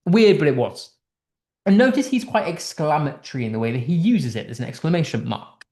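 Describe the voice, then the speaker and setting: A man's voice: a little high, animated, brisk, a little mellow, reverberant. A man teaching English literature in a casual online lesson, explaining a text line by line in a chatty way with restarts, from the United Kingdom.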